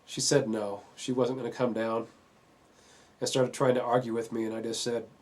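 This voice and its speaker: A man earnestly telling a painful family story in a halting way, full of fillers. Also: mid-range voice, level tone. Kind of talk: personal testimony.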